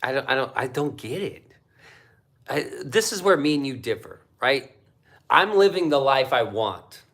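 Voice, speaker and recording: Man, livestream host, swearing rant, very lively pitch, reads chat. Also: measured pace. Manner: profane, animated ranting.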